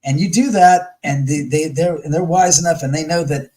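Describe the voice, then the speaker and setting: A man with a somewhat high voice, talking as a guest in a casual, blunt and profane way. He slips into the voices of the people in his stories as he tells them, and the delivery keeps jumping around. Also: steady tone, moderate pace, warm tone, low-quality recording. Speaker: guest on a paranormal talk show. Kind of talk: casual storytelling in conversation.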